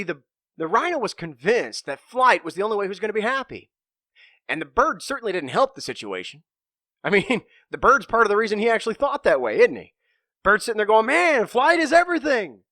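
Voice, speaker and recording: A man hosting a motivational podcast, telling a parable in an animated way and acting out the characters. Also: sits high, no echo, clean studio sound. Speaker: podcast host and speaker. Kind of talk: storytelling motivational talk.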